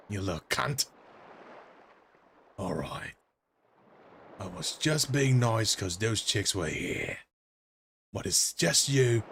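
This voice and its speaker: A man voicing a gruff, threatening male dolphin who talks like a low, menacing thug. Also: a bit bright, a little hiss or hum, heavily acted. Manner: low, menacing, mob-style drawl.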